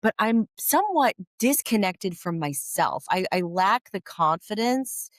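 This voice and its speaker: A woman hosting a podcast interview, encouraging and quick to laugh. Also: mid-range voice, sing-song, no room sound, clean studio sound. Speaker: podcast host.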